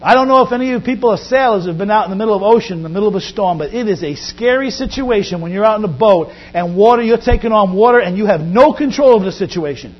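A high-pitched man preaching a sermon in a church, his delivery rising and falling sharply in volume. The recording is dull and lo-fi, with a steady mains hum underneath. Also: quick pace, hardly any pauses. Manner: preaches with big swings in pitch and loudness.

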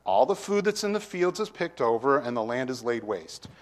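A middle-aged man preaching a sermon, reading scripture and explaining it with lively shifts between loud and soft delivery. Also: medium pitch, moderate pace. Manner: expressive teaching, swings from loud to soft, acts out voices. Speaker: pastor.

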